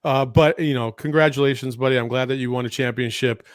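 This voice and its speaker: A man hosts a podcast at a relaxed, easy pace, ribbing his guests and filling gaps with "uh" and "um." His voice sits in a middle register. The sound is dry and close. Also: mid-range voice, fast, dry recording. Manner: teasing, laid-back, frequent fillers. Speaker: podcast host. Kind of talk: casual sports chat.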